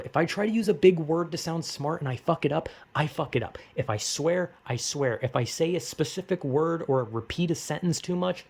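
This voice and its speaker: A man's voice: on the high side, darkish tone. A young man rambling in an unscripted monologue, blunt and profane, with frequent stammers and restarts. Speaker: vlogger.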